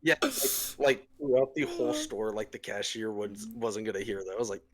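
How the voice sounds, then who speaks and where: A man's voice: on the low side, normal speed, noisy background. A young man co-hosting a podcast, telling a rowdy party story in casual chat with plenty of swearing. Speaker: podcast co-host.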